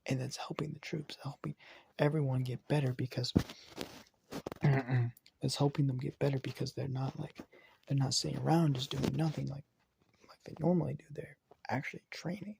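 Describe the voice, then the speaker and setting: A man's voice: medium pitch, fairly even intonation, moderate pace, a little mellow, a little hiss or hum. A man telling an improvised story in a casual, rambling way, swearing and often dropping to a whisper. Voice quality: gravelly, raspy.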